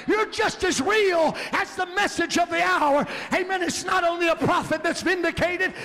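A male preacher with a strikingly high, gravelly voice, preaching fervently and rising into emphatic shouts. His sermon rings out with a long reverb through a church sanctuary. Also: moderate pace, few pauses.

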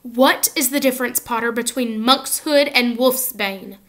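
A woman's voice: fairly high pitch, unhurried, a bit bright. A woman voicing a cold, sneering male potions teacher who snaps his words in a clipped, scornful way in an audiobook reading.

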